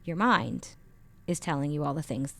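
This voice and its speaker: A woman guest on a podcast, telling a personal story with lively expression and acting out the dialogue. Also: low voice, normal speed, gravelly. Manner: expressive, acts out quoted dialogue. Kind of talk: animated storytelling in an interview. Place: radio studio. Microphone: studio microphone.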